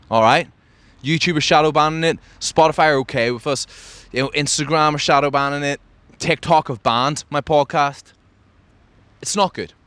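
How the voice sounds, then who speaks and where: A man's voice: fairly high pitch, a bit bright. A man hosting a podcast, talking in a boastful, brash, mock-grandiose comedic monologue. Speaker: podcast host.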